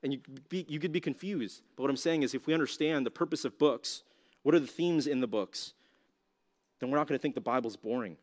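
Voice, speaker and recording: A male youth pastor gives a teaching talk to young listeners. His voice sits at an ordinary middle pitch, and he speaks loosely and conversationally, often saying "like" and tossing out rhetorical questions. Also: fairly quick. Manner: casual, conversational, heavy use of "like"; asks the audience rhetorical questions.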